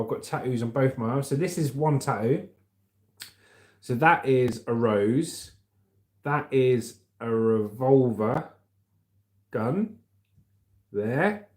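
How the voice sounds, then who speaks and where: A man's voice: medium pitch, a little mellow. A middle-aged man with an English accent, chatting casually as a livestream host and reading out comments with a joking manner. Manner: jokey, chatty, laughs often. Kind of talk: casual chat.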